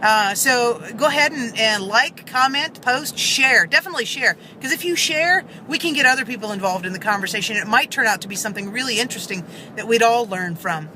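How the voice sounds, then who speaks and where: A woman's voice: fairly high pitch, expressive, brisk, hardly any pauses, bright, forceful tone, slight background noise, low-quality recording. A woman vlogger earnestly telling a story to camera, rambling with many fillers and restarts, seated in a car.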